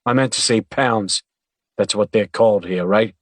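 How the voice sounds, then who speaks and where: A man voicing a big, battered but gentle man with a friendly, teasing manner. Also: lowish voice, moderate pace, no room sound, studio quality, natural voice. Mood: amiable, teasing. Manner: friendly, playful questioning.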